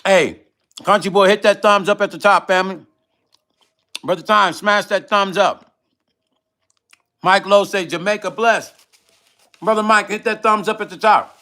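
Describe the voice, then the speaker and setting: Bright, clear-voiced man chatting casually. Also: sits high, a little slow, pauses often. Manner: relaxed, loose, laughs often, drifts between topics. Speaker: music vlogger reading live chat. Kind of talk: casual livestream chat.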